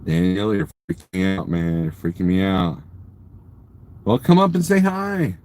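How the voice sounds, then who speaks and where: Parked at a truck stop, this man chats on a livestream, teasing his audience and cracking jokes while going through their comments. He speaks in a low, expressive, somewhat dark voice at a moderate pace.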